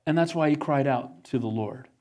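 A man's voice: mid-range voice, moderate pace, darkish tone. A man pastor preaching a sermon, building to fervent emphasis and asking "Amen?" as he goes.

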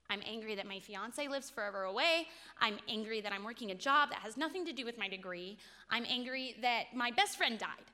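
A woman's voice: medium pitch, sharp tone, in a large hall. A woman in her twenties giving a sermon, telling a personal story in an earnest, confessional way. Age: 20s. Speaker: speaker at a faith talk.

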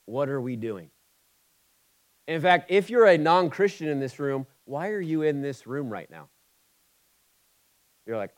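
Ohio-raised pastor, emphatic and conversational. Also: male voice, on the high side, lively intonation, a little slow, pauses often, rough recording. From Ohio, USA. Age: 40s. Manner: emphatic, swinging from loud urgent peaks to quiet intimate asides; conversational and humorous between scripture readings. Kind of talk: sermon.

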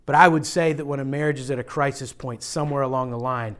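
A young man preaching a sermon as pastor, earnest and direct, often dropping to a quiet hush to drive a point home. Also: steady tone, fast. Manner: earnest, drops to a low hush for emphasis.

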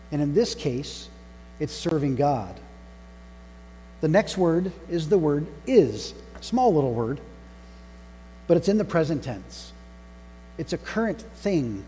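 A man delivering a sermon, pausing to stress single words with deliberate emphasis. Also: fairly high pitch, mellow. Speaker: pastor. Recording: long reverb hall with faint mains hum.

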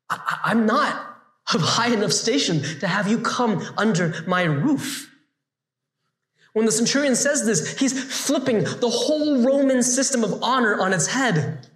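A man teaches a scripted Bible lesson in an animated style and keeps asking rhetorical questions. His voice is fairly high. The recording sounds roomy and echoey.

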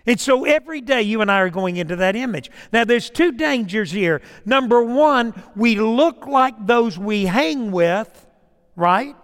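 A pastor with a strikingly high, smooth and expressive voice preaches a sermon in a slow, emphatic rhythm, dropping to a soft, confiding tone for his stories. He's on a lapel or stage mic that crackles occasionally, and the sound carries a long reverb.

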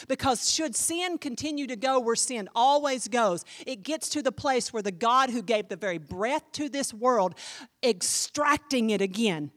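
A woman pastor preaching a sermon in an animated, emphatic way, speaking directly to her congregation. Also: a little high.

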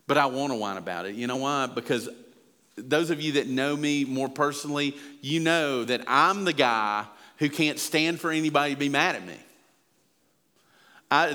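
A man preaching a sermon as pastor, earnest and emphatic, his voice rising as he presses his points. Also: pushed and bright. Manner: earnest, emphatic preaching that builds in pitch and volume. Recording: long hall reverb.

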